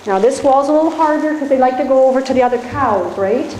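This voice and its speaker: A woman's voice: sits high, fast talker, dark tone. A woman riding instructor giving live coaching in an indoor arena, directive and encouraging as she talks riders through each step. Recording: echoey arena with faint ambient noise.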